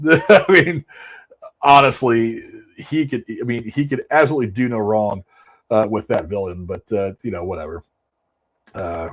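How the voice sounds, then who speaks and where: A man in his forties hosting a casual movie commentary show, rambling offhand and reacting to quotes he reads aloud. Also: medium pitch. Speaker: show host.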